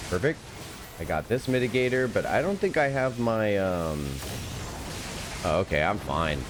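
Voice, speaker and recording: Giggly low-voiced man streaming a game. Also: big pitch swings, normal speed, noisy background. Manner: chatty, giggly, talks to chat and teammates. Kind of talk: live gameplay commentary.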